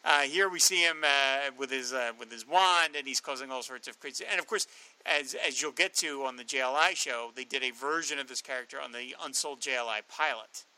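A man co-hosting a casual comics podcast, speaking haltingly with many fillers and reading entries aloud. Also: medium pitch, bright, forceful tone, clear, resonant tone, rough recording. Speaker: podcast co-host.

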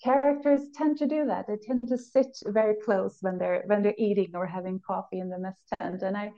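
A woman who is not a native English speaker, chatting casually and enthusiastically on a podcast, laughing often and jumping up in pitch when excited. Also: brisk. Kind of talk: casual chat. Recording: dull lo-fi recording.

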